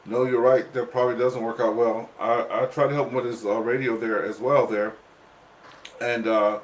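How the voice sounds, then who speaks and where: A man's voice: mid-range voice, fairly even intonation, normal speed, a little hiss or hum. A man hosting an amateur radio net, talking casually with many fillers, coughing and short of breath. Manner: rambling with many fillers, says "there" often. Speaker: net host, ham radio operator.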